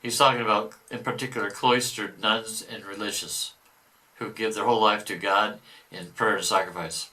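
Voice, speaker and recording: A man hosting a religious show, explaining quickly in short asides between readings. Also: fairly low pitch, fairly even intonation, sharp tone, far from the mic. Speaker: host. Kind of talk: religious commentary.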